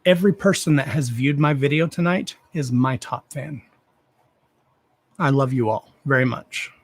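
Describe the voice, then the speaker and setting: A man's voice: medium pitch, husky, dry recording. Profane, chatty man on a livestream. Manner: blunt, profane, affectionate toward viewers. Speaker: livestream host. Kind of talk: casual livestream chat.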